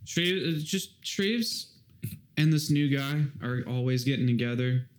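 A man's voice: mid-range voice, measured pace. A man from Colorado telling a rambling story in casual podcast chat, with playful asides.

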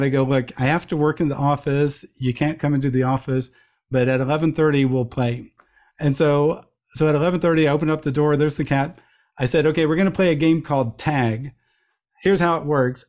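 A middle-aged man telling lively anecdotes as an interview guest, with frequent restarts and playful voices for quotes. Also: on the high side, fairly quick. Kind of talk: storytelling in a conversational interview.

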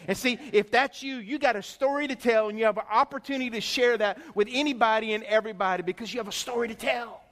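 A man's voice: very high-pitched, fast talker, few pauses, a bit bright. A male pastor preaching a sermon, emphatic, peppering the congregation with rhetorical questions. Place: church sanctuary. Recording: long reverb in a church hall.

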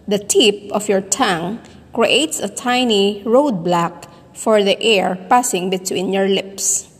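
A woman teacher giving a voice lesson, speaking slowly and deliberately and demonstrating sounds and word stress. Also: medium pitch, slightly rough. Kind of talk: recorded voice lesson. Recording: long reverb.

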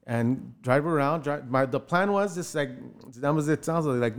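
A man in his forties tells a story in a casual interview, with a mid-range voice. He brings quoted people to life with sudden rises in pitch. His speech is loose and full of fillers. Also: moderate pace, hardly any pauses, smooth. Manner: animated, acts out quoted voices with jumps in pitch, many fillers. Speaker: actor telling his start in film.

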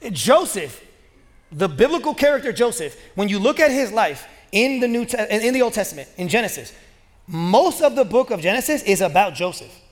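High-voiced pastor in an echoing hall. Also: male voice, big pitch swings, a little fast. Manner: casual, joking, conversational preaching. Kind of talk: sermon. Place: church sanctuary. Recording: long reverb of a large hall.

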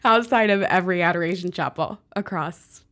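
A woman co-hosting a casual talk, telling a story in a lively way and laughing easily. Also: lowish voice, a little fast. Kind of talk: casual chat.

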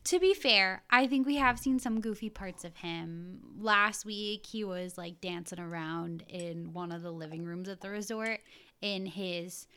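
A woman co-hosting a podcast, giving emphatic, animated opinions on a dating show in casual talk. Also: mid-range voice, measured pace, clean tone. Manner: animated, emphatic, sometimes teasing. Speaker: podcast co-host. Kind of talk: casual recap chat.

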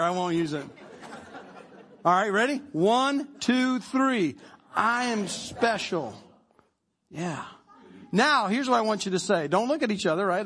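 A pastor delivers his sermon in a fairly high male voice. He keeps it casual and joking and calls on the congregation to repeat lines back. He speaks to a church full of people. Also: a bit bright. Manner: joking, conversational preaching with audience prompts. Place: church service before a congregation.

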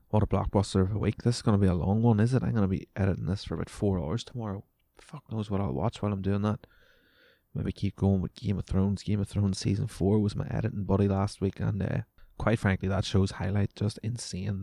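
A man's voice: lowish voice, level tone, fairly quick, vocal fry, mellow, dry recording. A man hosting a casual solo podcast, sweary and sarcastic, his voice wearing out. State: voice going. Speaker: podcast host.

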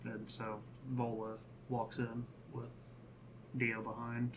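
A man's voice: mid-range voice, monotone, takes it slowly, background noise. A man playing a tabletop game, switching casually between joking and speaking in character. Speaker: player.

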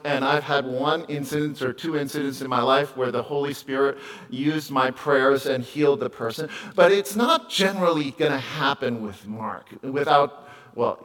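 A middle-aged man preaching a conversational sermon, moving between quiet asides and loud, emphatic calls. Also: mid-range voice, low-quality recording. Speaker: pastor.

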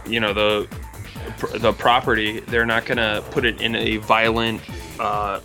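A man co-hosting a casual podcast chat, relaxed and a little hesitant, trailing into fillers. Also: on the low side, unhurried, faint music behind. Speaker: podcast co-host.

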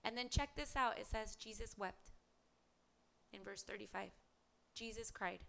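Bright-voiced woman preaching earnestly. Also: medium pitch, measured pace, creaky. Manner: earnest, rhetorical questions, reads scripture aloud. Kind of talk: devotional podcast sermon.

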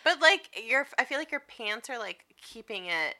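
Lively bright woman, playful chat. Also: on the high side, normal speed. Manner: playful, giggly, chatty. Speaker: podcast co-host. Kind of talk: casual chat.

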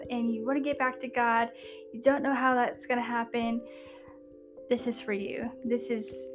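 Woman podcast host, earnest devotional reading, fairly high voice, soft music under. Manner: earnest, building to hushed emphasis.

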